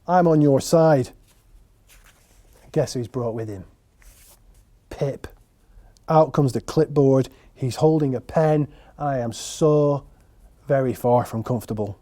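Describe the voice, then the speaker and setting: A man's voice: mid-range voice, unhurried, pauses often, mellow. A man performing a solo theatre monologue, wry and sardonic, speaking straight to the audience. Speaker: writer and performer.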